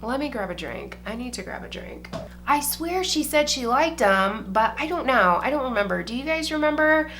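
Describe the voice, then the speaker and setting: Young woman, beauty vlogger, casual makeup chat, bright voice, swears freely, lots of "like". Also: high voice, big pitch swings, normal speed, slight background noise. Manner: chatty and profane, heavy use of "like".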